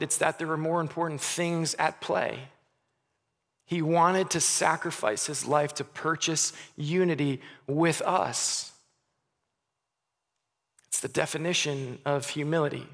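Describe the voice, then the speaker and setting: A man in his thirties preaching a sermon as a pastor. He speaks earnestly, stumbles on restarts, and drops soft and quiet on key words. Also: on the high side. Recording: long reverb of a hall.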